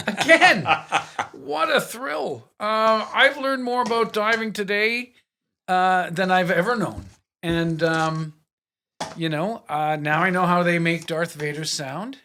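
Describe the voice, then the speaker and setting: Bright-voiced podcast host signing off. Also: mid-range voice. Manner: short reactive interjections, jokey sign-off. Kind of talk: casual interview chat.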